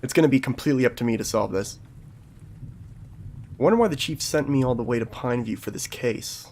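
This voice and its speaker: A man's voice: medium pitch, brisk, a little mellow. Brief: man, casual gameplay commentary, easygoing and chuckly. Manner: laid-back, chuckling, reads dialogue aloud. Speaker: streamer. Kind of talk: casual let's-play commentary.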